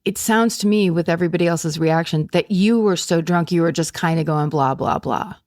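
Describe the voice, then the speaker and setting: A woman's voice: lowish voice, fairly quick, a little mellow, no room sound, studio quality. A woman co-hosting a comedic podcast, chatty and reactive with joking asides. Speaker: podcast co-host. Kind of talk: casual comedic podcast chat.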